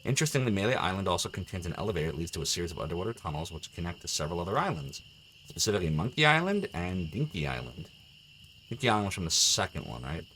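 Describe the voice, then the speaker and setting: A male streamer chatting casually while playing a game, excitable and laughing often. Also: sits low, rapid-fire, slight background noise. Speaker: live streamer.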